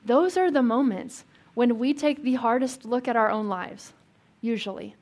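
A woman pastor delivers a sermon in a relaxed, conversational way. She asks her listeners questions and slips in small jokes. Her voice sits a little higher than most. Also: moderate pace.

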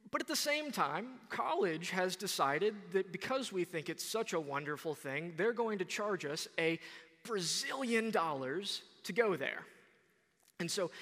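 A young man preaching a sermon, retelling a parable in a conversational, animated way. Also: on the high side, in a large hall. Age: young adult.

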